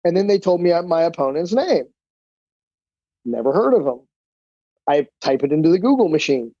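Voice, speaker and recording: A man guesting on a podcast, telling stories in a lively, profane way, with plenty of "like" and "you know." His voice is a little high but mellow in tone. The sound is dry and somewhat dull, like lo-fi podcast audio. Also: normal speed, no echo. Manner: animated, profane, uses many fillers. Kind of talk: casual storytelling.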